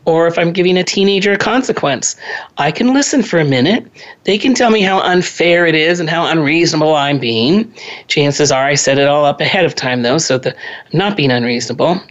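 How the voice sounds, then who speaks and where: Casting: low-pitched woman, family counselor, earnest advice-giving, slightly dull lo-fi recording. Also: lively intonation, fairly quick. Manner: earnest, advising, with occasional throat clearing. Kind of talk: radio advice talk.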